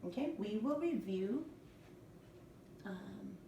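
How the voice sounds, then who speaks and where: A woman's voice: mid-range voice, animated, slow, creaky, noisy background. A woman teacher giving a morning lesson to young children, patient and spelling words out letter by letter. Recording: echoey room, mic at a distance.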